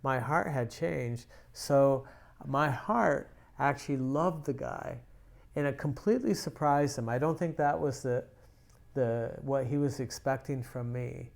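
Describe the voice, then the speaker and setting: A man's voice: mid-range voice, measured pace, creaky. A male pastor teaching a sermon, telling a personal story in a conversational way with frequent restarts.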